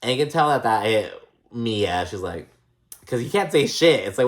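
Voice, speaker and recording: A man's voice: medium pitch, lively intonation, moderate pace. Male recap vlogger: blunt, chatty, profane. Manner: blunt, swears freely, says 'like' a lot. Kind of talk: casual reality-show recap.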